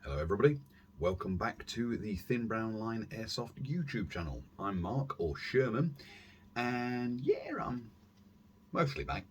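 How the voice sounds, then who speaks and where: Deep-voiced rambling man. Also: big pitch swings, a little slow, slight background noise. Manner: rambling, self-deprecating, lots of fillers and asides. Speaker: airsoft YouTube channel host. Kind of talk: casual gear review vlog. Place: warm room at home, indoors. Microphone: camera on a stand.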